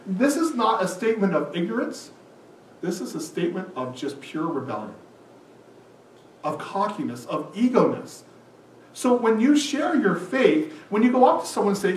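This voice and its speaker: A man preaching a sermon, lively and expressive, acting out the figures he quotes. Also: sits high, normal speed. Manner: animated preaching, acts out quoted lines. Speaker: pastor. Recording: echoey room, mic at a distance.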